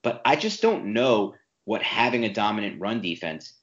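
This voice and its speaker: A man's voice: on the low side, lively intonation. A man co-hosting a sports podcast, laying out an opinionated argument. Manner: opinionated, rapid argumentative breakdown. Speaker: podcast co-host. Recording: roomy, dull sound.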